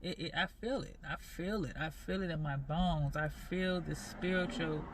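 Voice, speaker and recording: Woman, 40s, earnest faith vlogger; halting delivery with lots of repeated phrases, faint background noise. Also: deep voice. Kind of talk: personal faith vlog talk.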